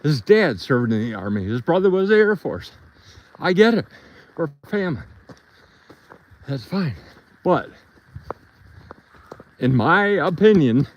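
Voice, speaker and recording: A man's voice: fairly high pitch, very animated, measured pace, long pauses, low-quality recording. A man telling a rambling story in a casual live stream while walking his dogs on a trail outdoors, a bit out of breath.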